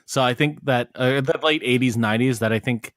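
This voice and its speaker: A man co-hosting a relaxed podcast, talking in a loose, rambling way full of ums and restarts. His voice sits in an ordinary middle register. The sound is dry and close, with no room around it. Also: mid-range voice, brisk, no echo. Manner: rambling, lots of fillers and restarts, laughs often. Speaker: podcast co-host. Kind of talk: casual chat.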